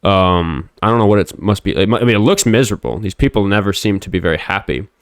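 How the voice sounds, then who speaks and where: A man's voice: on the low side, quick pace, no room sound, studio quality. A young man hosting a livestream show, rambling and swearing casually with lots of fillers. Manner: rambling, profane, frequent fillers. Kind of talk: casual livestream talk with callers.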